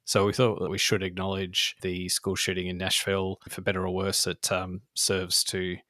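A man's voice: sits low, completely flat delivery, moderate pace, pushed and bright, dry recording, clean studio sound. A man co-hosting a podcast, chatting casually, hesitant and sheepish with many restarts. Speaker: podcast co-host. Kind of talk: casual chat.

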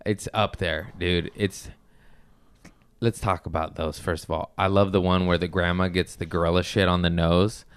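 A man co-hosting a casual comedy chat, telling animated stories and breaking into high voices when he quotes people. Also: normal speed, clear, resonant tone. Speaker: podcast co-host, comedian.

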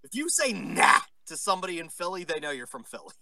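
A man's voice: sits high, big pitch swings, fast, creaky, crowd noise. A man co-hosting a podcast, blunt and crude, heckling his friends in casual chat. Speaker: podcast co-host.

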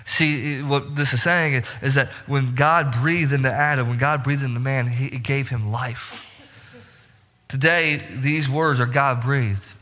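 A man preaching a sermon as pastor, emphatic and repetitive, climbing higher in pitch as he presses his points. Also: a little slow, bright, forceful tone. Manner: emphatic, repeats words and restarts, rises in pitch when stressing points. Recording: long reverb of a hall.

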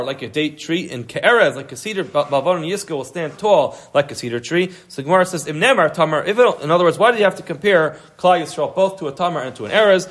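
A man's voice: on the high side, fairly bright tone. A man teaching a Talmud class, reading phrases aloud and then explaining them in English, often restarting his sentences.

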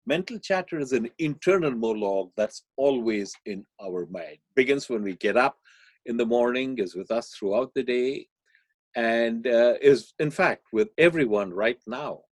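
A man's voice: medium pitch, expressive, normal speed, no room sound. Man explaining and telling stories. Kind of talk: podcast interview, storytelling.

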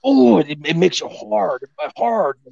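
A man's voice: sits high, lively intonation, slow, vocal fry, mellow, dull audio, heavily acted. A man voicing an earnest, insistent fellow marine with an accent, recalled in a podcast story. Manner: earnest, insistent, talks with his hands. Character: passionate adult male marine buddy with an accent.

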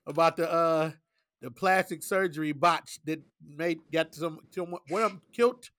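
Male podcast host, easygoing and giggly, higher register, dry close recording. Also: normal speed, a bit bright, dry recording. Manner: laughs often, easygoing slang. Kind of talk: casual chat.

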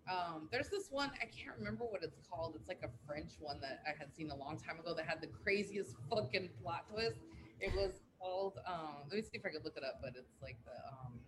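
A woman in casual conversation, easygoing and quick to laugh. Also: fairly low pitch, expressive. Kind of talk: casual chat. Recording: noisy room.

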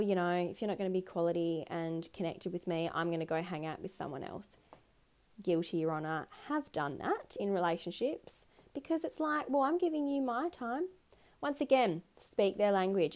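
An Australian woman hosting a podcast, talking casually about relationships in an energetic, playful way and swearing freely. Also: medium pitch.

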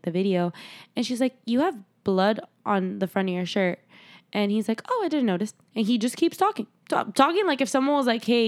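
A woman's voice: medium pitch, a little mellow. A woman co-hosting a casual movie review podcast, retelling scenes with playful quoted voices and some swearing. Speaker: podcast co-host.

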